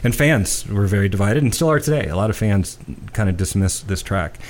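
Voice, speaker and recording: Chatty low-voiced man telling stories. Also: animated, brisk, slight background noise. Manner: chatty storyteller, many restarts and fillers. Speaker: podcast co-host. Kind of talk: casual music chat.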